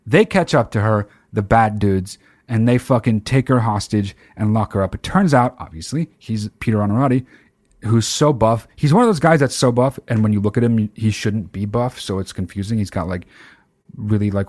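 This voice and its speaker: Man, channel host, profane excitable storytelling, mid-pitched voice, dry close sound. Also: dry recording. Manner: profane, excitable storytelling with sudden loud outbursts. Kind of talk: casual monologue to viewers.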